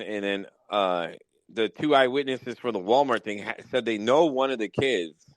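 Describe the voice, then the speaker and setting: A man hosting a podcast, telling wild work stories in a casual, profane, animated way. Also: medium pitch, background noise. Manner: profane, animated storytelling with mock exasperation. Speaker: podcast host. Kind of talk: casual storytelling chat.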